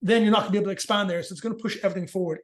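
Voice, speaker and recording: Fast-talking, profane, high-voiced man. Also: fairly even intonation. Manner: fast, profane, joking explanations. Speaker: movement and rehabilitation practitioner, guest. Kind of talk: casual explanatory interview talk.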